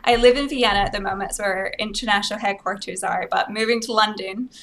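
A woman's voice: mid-range voice, steady tone, fast, a bit bright. A young woman from Scotland whose accent sounds somewhat American, explaining her views earnestly and steadily as a podcast guest. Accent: Scottish with an American-sounding lilt. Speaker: guest advocate. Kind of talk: podcast interview.

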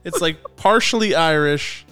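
A man's voice: a little high, measured pace, bright, forceful tone, clean tone, soft background music. Chatty rambling male podcast host. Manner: chatty and rambling, self-interrupting, laughs easily. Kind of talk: casual movie-news podcast chat.

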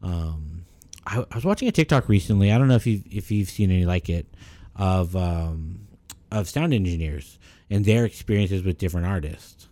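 Podcast guy, low mellow voice, rambly and sweary, dry close sound. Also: moderate pace, dry recording. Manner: rambling, profane, animated when ranting. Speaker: podcast co-host. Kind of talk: casual chat.

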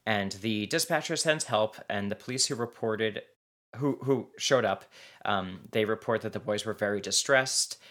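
A man co-hosts a casual true-crime podcast in a bright, forward voice. He rambles in a chatty way, full of fillers and restarts. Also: on the low side, normal speed. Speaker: podcast co-host.

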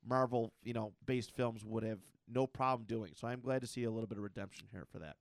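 A man's voice: on the low side, fast, vocal fry, no echo. A man co-hosting a podcast, chatting casually about comics in a thoughtful, stumbling way with restarts. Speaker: podcast co-host. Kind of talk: casual comic book chat.

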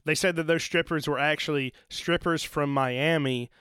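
A man tells stories in a relaxed, profane casual chat. His voice is smooth and resonant. The sound is dry and close to the mic. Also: on the high side, normal speed, dry recording. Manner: relaxed, profane, laid-back storytelling. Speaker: podcast co-host.

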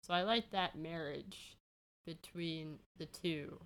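A young woman co-hosts a podcast in relaxed, casual chat. She talks in an easygoing way and drops dry remarks. Her voice is on the lower side. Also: slow. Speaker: podcast co-host.

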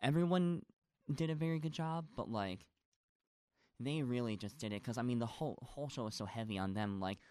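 A man's voice: mid-range voice, brisk, darkish tone, clean tone, no echo, clean studio sound. A man in a casual chat, a stage actor talking at length, gushing and rambling with lots of fillers.

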